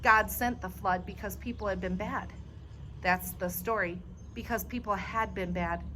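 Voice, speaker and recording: A woman voicing a frail old grandmother who speaks gently and soothingly, in a storybook reading. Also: mid-range voice, fairly even intonation, normal speed, background noise, close to an everyday voice.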